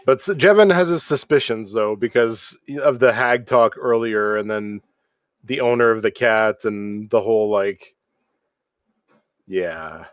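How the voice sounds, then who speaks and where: A man playing a tabletop game, reasoning aloud in a measured way. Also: on the low side, clear, resonant tone, no echo, studio quality. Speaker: player. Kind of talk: casual tabletop play.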